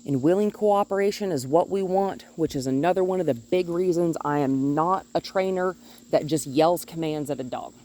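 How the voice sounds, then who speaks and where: A woman dog trainer with a somewhat low voice explains her method calmly and patiently. She is outdoors, filming on a phone in one hand. Her talk is plain and instructive. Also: moderate pace. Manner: calm, explanatory, talks to the dog in a high sing-song voice. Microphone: phone held in one hand while filming.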